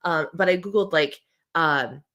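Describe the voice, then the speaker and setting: A woman's voice: sits low, a little slow, fairly bright tone, lo-fi sound. A woman in her thirties hosting a casual live-stream chat from home, with a scratchy throat, chatty as she reads out viewer comments and answers them. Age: 30s. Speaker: host.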